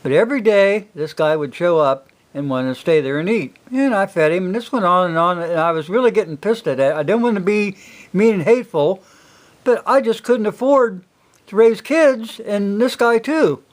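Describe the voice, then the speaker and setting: Older man, high-pitched, casual folksy storyteller, rambling delivery. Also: moderate pace. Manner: rambling, folksy, many fillers. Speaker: single father telling stories.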